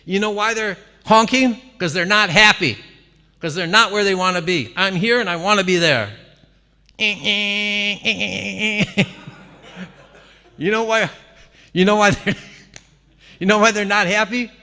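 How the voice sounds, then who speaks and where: A man giving an animated devotional talk at a temple gathering, often breaking into laughter and exclamations. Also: high-pitched, takes it slowly, long pauses. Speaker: visiting speaker at a temple gathering. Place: temple hall. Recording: long reverb of a hall.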